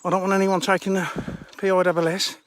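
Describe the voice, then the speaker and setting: Chatty man, higher voice. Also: level tone, fast talker, no room sound. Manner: chatty and rough-edged, mild swearing, talks to viewers. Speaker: fishery owner streaming live. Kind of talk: casual live-stream chat. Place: outdoors by a fishing lake. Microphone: phone held in hand.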